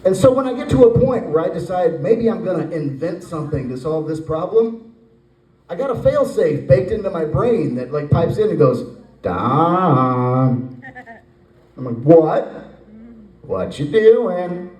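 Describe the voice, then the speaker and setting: Animated man in his forties, roomy stage echo. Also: high-pitched, normal speed, far from the mic. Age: 40s. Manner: rambling, animated storytelling with acted voices. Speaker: stand-up comedian. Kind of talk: stand-up comedy set. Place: brewery stage with live audience.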